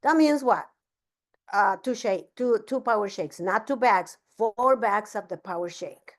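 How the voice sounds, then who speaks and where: A woman giving a casual training talk as a business coach, energetic and often restarting her sentences. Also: medium pitch, measured pace. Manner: energetic, repeats herself, frequent restarts.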